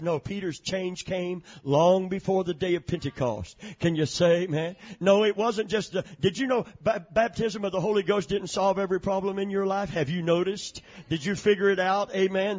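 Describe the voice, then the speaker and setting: A preacher giving a sermon, swinging from shouted, chanting climaxes down to low, quiet storytelling. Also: male voice, steady tone, normal speed, hardly any pauses, dull audio. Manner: rising to shouted, chanting peaks, then dropping low and soft.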